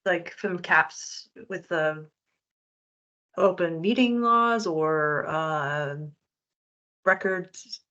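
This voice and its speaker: A woman board member speaks slowly and tentatively over a video call with a bright, lowish voice. Her audio sounds muffled and lo-fi. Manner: slow, tentative suggestions. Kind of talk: public board meeting discussion.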